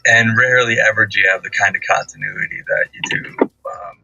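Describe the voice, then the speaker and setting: Gravelly husky man, chatty guest. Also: on the low side, fairly even intonation, bright, forceful tone, no room sound, dull audio. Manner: laughing often, halting restarts. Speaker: actor guest. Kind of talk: talk-show interview chat.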